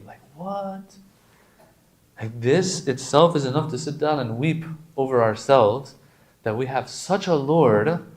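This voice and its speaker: A man giving a conversational, animated religious lecture with slangy asides and Arabic recitation. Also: mid-range voice. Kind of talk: sermon.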